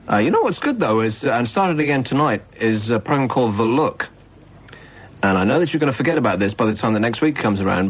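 A man's voice: mid-range voice, slightly rough. Sarcastic male radio host. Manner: sarcastic, quick-witted banter. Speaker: late-night radio phone-in host. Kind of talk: casual chat. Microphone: studio microphone. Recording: dull, muffled radio broadcast.

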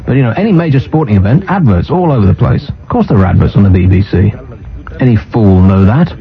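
A man hosting talk radio in a sardonic, ranting way, his pitch swooping up and down as he mocks things. The sound is a bit muffled, like an old radio broadcast. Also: very animated, fast. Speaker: radio talk show host. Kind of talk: casual on-air banter.

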